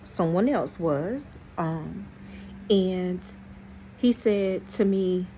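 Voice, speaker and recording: A woman's voice: lowish voice, extremely slow, slight background noise. A woman hosting a storytime vlog, telling viewers a story in a blunt, profane way and often speaking straight to them. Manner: animated, exclaims in outrage. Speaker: channel host.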